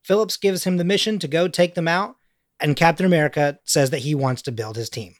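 A man casually recapping a film scene, playfully reading out the dialogue in quick voices. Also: fairly high pitch, no echo, clean studio sound.

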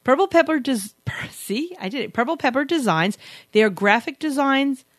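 A woman's voice: high-pitched, expressive, normal speed, fairly bright tone, dry recording, clean studio sound. A woman co-hosting a podcast, chatting casually and teasing her co-host, often rambling and contradicting him. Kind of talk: casual banter and interview.

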